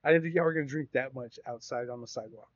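This male podcast co-host talks very fast at a medium pitch, spinning an animated, swear-filled, wandering story in a casual way. There's no room sound, and the audio comes across dry and a little dull.

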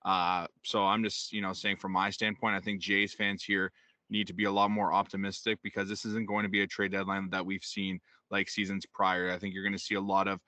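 A man with a low, fairly flat voice that still has a bright, forward edge co-hosts a sports podcast. He talks casually and at length, leaning on fillers as he builds his points. The sound is dry and close, with no room around it. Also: a little fast, no echo. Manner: rambling, many fillers like "you know". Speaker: podcast co-host.

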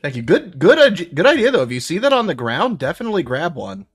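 Lively tabletop player. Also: mid-range voice, fast, husky. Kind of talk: playing a tabletop game.

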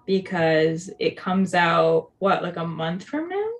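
A woman's voice: lowish voice, very animated, takes it slowly, low-quality recording. A young woman co-hosting a podcast in casual chat, chatty and giggly, with lots of "like" fillers. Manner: chatty, giggly, heavy use of "like". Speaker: podcast co-host.

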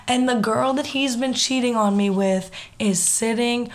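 A young woman telling a story in casual chat, animated and swearing freely. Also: a little high, measured pace.

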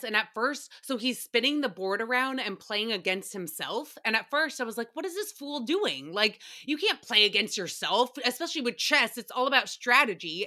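Bright, chatty woman podcaster. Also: medium pitch. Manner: chatty, sarcastic, laughs often, swears freely. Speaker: podcast host. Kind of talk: casual solo recap.

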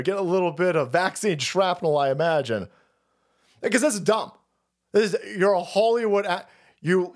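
Male stream host, sarcastic profane rant, fairly high voice that jumps around a lot. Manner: mocking, sarcastic, foul-mouthed; animated, swings into mock voices. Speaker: livestream host. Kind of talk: profane political commentary rant.

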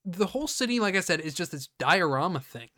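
Male podcast host, slightly high voice, swearing, animated plot recap. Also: fast talker, no echo, clean studio sound. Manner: profane, animated scene-by-scene retelling. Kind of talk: casual podcast chat.

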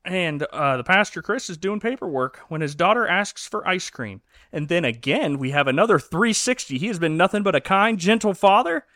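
Guy recapping a movie on a podcast, upbeat and laughing, bright voice, dry close sound. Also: high voice, normal speed, hardly any pauses, no echo. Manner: animated, laughing retelling of scenes. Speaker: podcast co-host and minister. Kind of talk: casual movie review chat.

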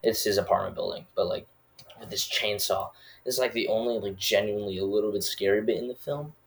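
A man's voice: lowish voice, brisk, creaky. A man casually recapping a movie, rambling and full of filler words.

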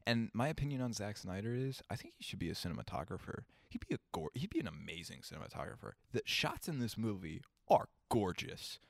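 A young man from Kentucky with a deep voice that swings widely in pitch, chatting casually as a podcast co-host. He rambles in an animated way and laughs often. The recording is dry and close. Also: quick pace, gravelly, hardly any pauses, no room sound. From Kentucky, United States. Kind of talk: casual chat.

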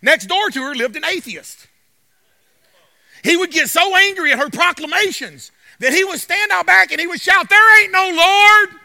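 A male pastor preaching in a church, driving his points home through repetition and frequent calls of "Amen?". His voice is very high and strikingly bright. The sound is dry and close. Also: lively intonation, moderate pace, gravelly, no room sound. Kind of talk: sermon.

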